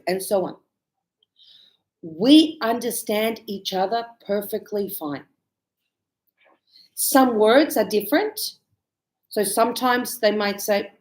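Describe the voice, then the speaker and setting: A woman teaching a relaxed spoken lesson, chatty and animated as she tells stories and laughs often. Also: mid-range voice, slow, pauses often. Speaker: English teacher. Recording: echoey room.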